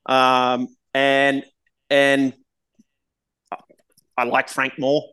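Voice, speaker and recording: A man's voice: mid-range voice, monotone, extremely slow, bright, forceful tone, clear, resonant tone. A man in his forties with an Australian accent, telling candid, laughing stories as a guest on a casual podcast. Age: 40s. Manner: laughing, candid, swears freely. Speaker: guest, golf pro.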